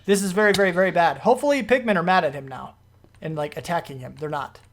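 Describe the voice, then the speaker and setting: A man commenting on his own gameplay as he plays, rambling through explanations and breaking into panicky, excitable outbursts. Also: high-pitched, fast talker, very noisy. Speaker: gaming video host.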